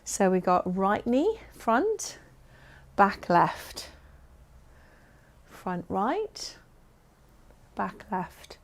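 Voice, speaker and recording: A woman's voice: mid-range voice, very animated, drawn-out words, long pauses. A woman leading a fitness class, giving upbeat, encouraging and playful instructions. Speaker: exercise instructor.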